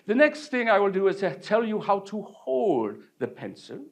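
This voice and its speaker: Man doing a snooty old male art master, scornful, bossy, lecturing, high and sharply swinging voice, live stage show. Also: sing-song, normal speed, creaky, exaggerated voice. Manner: lecturing, then yelling.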